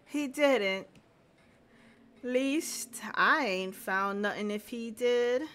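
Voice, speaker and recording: A guarded housewife who keeps her answers short and folksy, read out by a woman streamer. She speaks slowly and gives little away. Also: on the high side, a bit bright, clear, resonant tone. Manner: terse, folksy.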